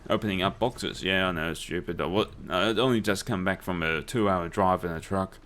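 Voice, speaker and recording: A man's voice: deep voice, brisk, a bit bright. A young man, telling swear-laden stories and laughing as he plays a game. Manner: swears freely, laughs through his stories. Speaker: let's play host. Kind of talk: casual storytelling over gameplay.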